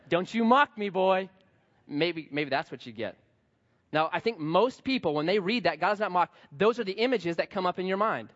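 Male pastor, thirties, relaxed storytelling sermon, higher voice, long hall reverb, muffled sound. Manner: storytelling, playful asides, acts out quotes. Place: church sanctuary.

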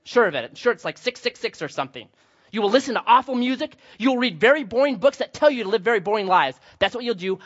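A man's voice: high voice, expressive, quick pace, fairly bright tone. A young man preaching a sermon as pastor, telling stories with humor and acting out the voices. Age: young adult. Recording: slightly dull lo-fi sound.

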